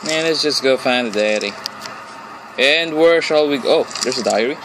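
A man's voice: medium pitch, moderate pace, background noise. A man commenting on a horror game he plays alone in his room, jumpy and nervous, repeating himself and exclaiming. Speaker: let's play gamer.

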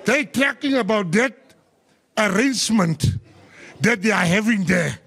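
A man's voice: high-pitched, animated, a little slow, vocal fry, a bit bright, slightly rough. A South African man, a government minister, giving a humorous public speech full of joking anecdotes and emphatic quoted asides.

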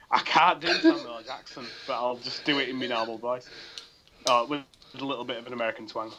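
A man's voice: mid-range voice, steady tone, quick pace, sharp tone. A man co-hosting a podcast, giggly, flustered and self-mocking, with a tickly throat that makes him cough. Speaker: podcast co-host. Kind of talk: casual podcast banter.

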